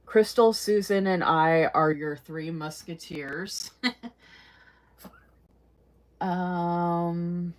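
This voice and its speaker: A woman's voice: lowish voice, steady tone, very slow, long pauses. A woman hosting a casual livestream, chatting with viewers, reading their comments aloud and laughing often. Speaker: livestream host.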